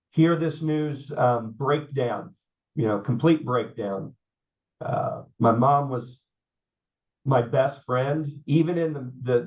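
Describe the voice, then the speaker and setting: A man, telling his life story in an interview, halting with many fillers and repeats. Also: mid-range voice. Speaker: guest. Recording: slightly dull audio.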